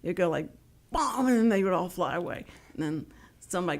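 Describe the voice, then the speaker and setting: A woman's voice: medium pitch, animated, fairly quick, darkish tone. Chatty woman radio host. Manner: chatty, rambling storyteller, playful. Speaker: radio talk show host. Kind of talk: casual chat.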